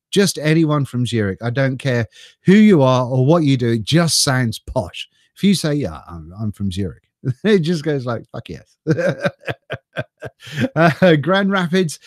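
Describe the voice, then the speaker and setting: A man's voice: on the high side, no room sound, studio quality. An English man chatting casually on a live stream, greeting viewers by name and laughing often, speaking into a desk mic through a mixer. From England. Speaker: vlogger reading live chat.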